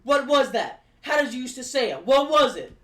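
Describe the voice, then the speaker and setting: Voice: sits high, sing-song, normal speed, fairly bright tone, pitched above the performer's own voice. A streamer voicing a scheming male wrestling faction boss in a casual impression during a recap. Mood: coaxing. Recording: roomy echo.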